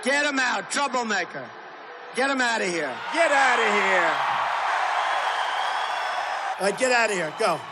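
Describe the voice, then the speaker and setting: Older man, rally speech, blunt repetitive mockery, high-pitched delivery, noisy arena reverb. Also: expressive, measured pace, long pauses. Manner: blunt, repetitive, mocking asides. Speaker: political candidate speaking at rallies. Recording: hall reverb with crowd noise.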